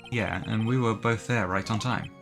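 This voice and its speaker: A man's voice: fairly low pitch, fairly even intonation, moderate pace, vocal fry. A man voicing a nervous, lovestruck young male college student while reading game dialogue aloud, hesitant and sheepish. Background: game music.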